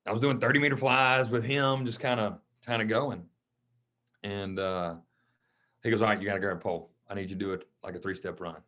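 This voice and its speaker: Low-voiced coach telling stories. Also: male voice, brisk. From Mississippi. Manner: lively, emotional storyteller who acts out quoted dialogue. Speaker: coach and podcast guest. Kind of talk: casual storytelling interview.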